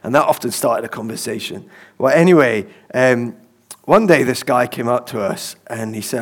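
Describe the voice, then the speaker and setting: A man's voice: medium pitch, lively intonation, moderate pace. A man preaching in a conversational way, telling personal stories with fillers and chuckles.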